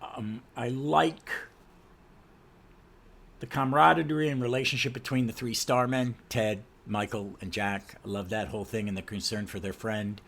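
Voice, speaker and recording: A man's voice: on the low side, steady tone, normal speed, vocal fry, a bit bright. A man hosting a podcast, recapping comics with enthusiastic, gushing asides. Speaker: podcast host.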